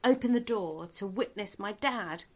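A woman's voice: mid-range voice, moderate pace. A middle-aged woman, a comedian guest telling a comic anecdote in a podcast chat and laughing through it. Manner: lively storyteller, laughs through her own story.

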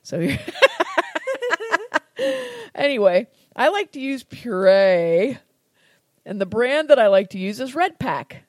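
A woman's voice: medium pitch, expressive, unhurried, darkish tone, dry recording. An American woman hosting a cooking podcast, chatting casually and laughing at her own slips. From United States. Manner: chatty and self-deprecating, laughs easily.

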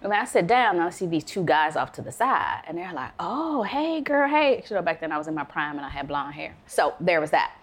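A woman's voice: sits low, quick pace, few pauses. A woman from Chicago, a wine consultant, telling stories in a casual vlog and acting out the voices of people in them. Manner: animated, acts out quoted voices.

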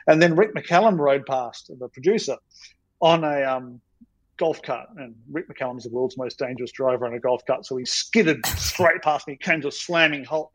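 A man's voice: mid-range voice, normal speed, dry recording, low-quality recording. Rambling man telling stories. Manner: rambling, self-deprecating storyteller. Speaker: podcast guest, storyboard artist. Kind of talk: casual anecdote telling.

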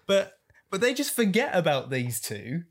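A podcast co-host in casual film chat, playful and punning. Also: medium pitch. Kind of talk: casual chat about films.

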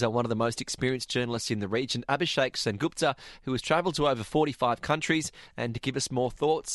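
A man's voice: medium pitch, a bit bright, no echo. A man hosting a radio talk show, chatty and jokey in a studio. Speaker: radio host.

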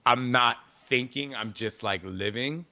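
He's a man in his 40s, unhurried and medium-pitched, recounting stories in a casual interview. He's lively and expressive, sprinkling in "like" and a swear word here and there.

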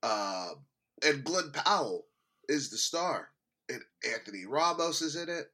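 Male podcast co-host, bright sharp tone, lively pitch, giggly and teasing. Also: unhurried. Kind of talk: casual chat.

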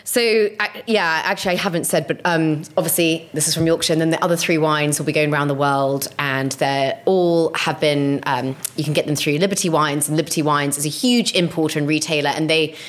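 Chatty woman with a low voice. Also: fairly even intonation, brisk, hardly any pauses. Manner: enthusiastic, chatty, many fillers like "um" and "like". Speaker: podcast host, wine expert. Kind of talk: casual podcast chat.

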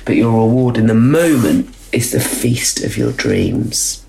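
Very low-voiced woman podcast host. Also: a little slow, vocal fry, dark tone, a little hiss or hum. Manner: playful, chatty, laughs easily. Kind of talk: casual chat.

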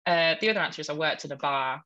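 Hull woman, young, bright lowish voice, wry and chatty, laughs a lot. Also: fast talker, highs cut off. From Hull, England. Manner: chatty, laughs often, wry self-mocking. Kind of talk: casual chat.

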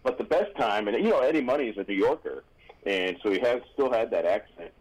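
A man with a very low voice trades stories on a radio talk show. He rambles through his anecdotes, restarting sentences and circling back to his point, in an easygoing conversational way. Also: expressive, fast talker, a little mellow, slightly rough, lo-fi sound. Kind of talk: casual radio chat.

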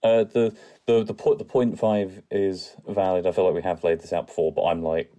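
A man co-hosting a podcast, chatting in a relaxed, easygoing way. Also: sits low, normal speed. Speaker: podcast co-host. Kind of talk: casual chat.

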